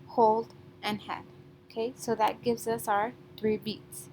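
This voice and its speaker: A woman teaching a class remotely, patient and methodical, often checking in with "okay?" and clearing her throat now and then. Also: on the high side, steady tone, unhurried, a little mellow, slight background noise, low-quality recording.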